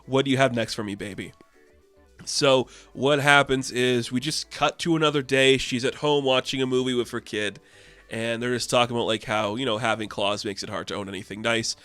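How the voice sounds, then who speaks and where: A man casually recapping a comic issue in a rambling, excitable way, filling his talk with "like". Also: mid-range voice, brisk, clear, resonant tone, faint music behind. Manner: rambling, heavy use of "like", excitable. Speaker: comic book reviewer.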